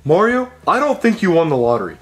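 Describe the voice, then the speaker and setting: A man voicing a greedy, menacing landlord who taunts and threatens in drawn-out lines. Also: high-pitched, very animated. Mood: mocking. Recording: roomy echo with faint music.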